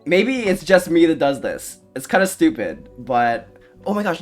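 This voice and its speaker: A man's voice: a little high, sing-song, normal speed, faint music behind. A young man streaming live, chatting casually in a rambling, self-mocking way and laughing often. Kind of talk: casual livestream chat.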